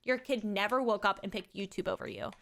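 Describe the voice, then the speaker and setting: A woman's voice: mid-range voice, steady tone, brisk, a bit bright. A woman in her thirties chatting casually on a livestream, rambling frankly about raising her son and swearing freely. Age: 30s. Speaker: streamer and mother.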